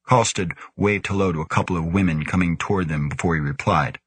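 A man narrating a science-fiction audiobook in a measured, steady way. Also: sits low, husky, dry recording. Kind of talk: scripted narration.

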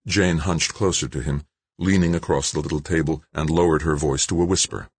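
A man narrating a novel in a measured, expressive reading. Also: extremely low pitch, slightly rough, no room sound. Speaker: audiobook narrator. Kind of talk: scripted narration.

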